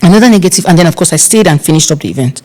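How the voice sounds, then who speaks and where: A lively Nigerian woman telling stories. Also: rapid-fire. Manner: animated, acts out quoted voices with big pitch jumps. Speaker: guest, event planner. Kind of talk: casual interview storytelling.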